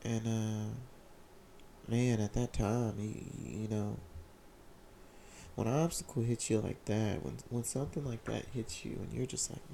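A young man candidly telling a personal story in casual slang, often halting and repeating his words. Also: on the low side, steady tone, vocal fry, mellow, slight background noise. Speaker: vlogger sharing a personal story.

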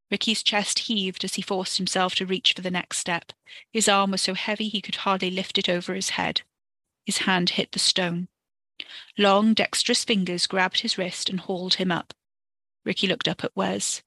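Woman reading a story podcast, bright voice, dry close sound, steady and expressive. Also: medium pitch, no echo. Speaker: podcast narrator.

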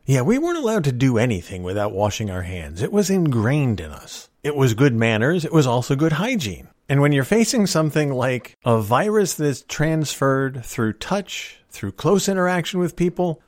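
A man's voice: medium pitch, big pitch swings, moderate pace, hardly any pauses, dry recording, clean studio sound. A middle-aged man hosting a solo podcast, talking in a folksy, opinionated and wry way. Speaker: podcast host.

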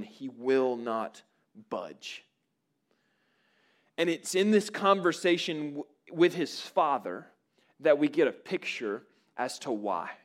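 A man preaching a sermon to students in a conversational way, with frequent fillers and repeated words. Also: mid-range voice. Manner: conversational, many fillers and restarts.

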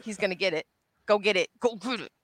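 Bright playful woman on a podcast. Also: mid-range voice, fast talker, no echo. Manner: playful, giggly. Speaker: podcast guest. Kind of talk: casual podcast banter.

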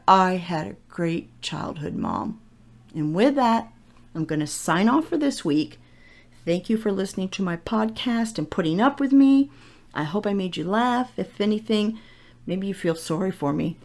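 A woman's voice: mid-range voice, expressive, normal speed, darkish tone. A middle-aged woman chatting through her solo podcast from her home office mic, a self-mocking storyteller. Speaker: podcast host. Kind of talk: casual solo podcast monologue. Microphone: desk podcast microphone.

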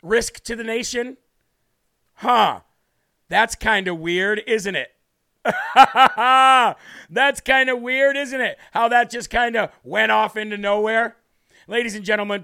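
A man hosting a live political talk stream, talking in an animated, repetitive way, greeting viewers by name and reading a devotional. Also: sits high, gravelly, clear, resonant tone. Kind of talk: casual live-stream commentary.

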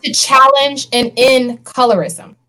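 A woman with a high-pitched voice leads a casual panel talk. She speaks earnestly and animatedly, with frequent laughter. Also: steady tone, a little slow, bright, forceful tone, low-quality recording. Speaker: podcast co-host.

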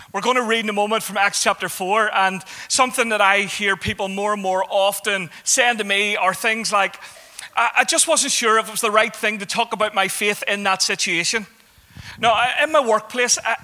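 A man delivering a sermon with a high, sharply bright voice. He speaks conversationally and pauses to search for words. Then he lifts into emphatic exhortations. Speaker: preacher.

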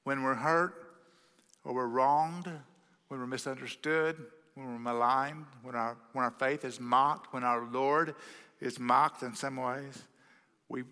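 Speaking with a sharp tone at mid-range pitch, a pastor with a Texan accent delivers a sermon in a church sanctuary. He acts out the voices in his story with lively energy, and the church hall's long reverb lingers around him.

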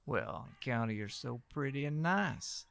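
A man's voice: mid-range voice, expressive, normal speed, gravelly, fairly bright tone, voice pushed up. A man doing a leering creepy gardener. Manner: oily, leering, drops to sneering whispers. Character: creepy, predatory middle-aged male gardener.

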